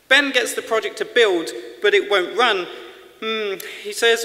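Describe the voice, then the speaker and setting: A high-voiced man reads a rhyming tale aloud at a conference, in a rhythmic cadence. His tone is bright and clear. The sound carries a long hall reverb. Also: slow pace. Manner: rhythmic read-aloud, hesitant fillers at the close. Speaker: lightning talk speaker. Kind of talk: reading a rhyming story at a conference talk.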